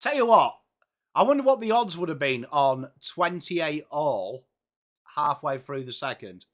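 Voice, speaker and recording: A man hosting a live football watchalong, reacting excitedly and chatting with viewers by name. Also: a little high, a little slow. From England. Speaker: live-stream watchalong host. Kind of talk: live sports reaction and chat.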